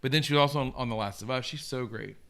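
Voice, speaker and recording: A man hosting a relaxed live stream, talking in a bright, forward voice. He chats eagerly and answers viewer comments as they come in. His pitch sits in an ordinary middle range for a man. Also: racing, vocal fry. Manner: chatty, enthusiastic, reacts to viewer comments. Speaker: host. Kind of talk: casual live-stream chat.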